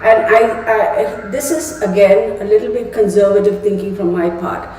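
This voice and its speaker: A woman's voice: mid-range voice, steady tone, normal speed, warm tone, a little hiss or hum. A middle-aged woman hosting a tarot live stream, chatting casually and ranting through a story with frequent laughs. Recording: echoey room, voice from far off the mic.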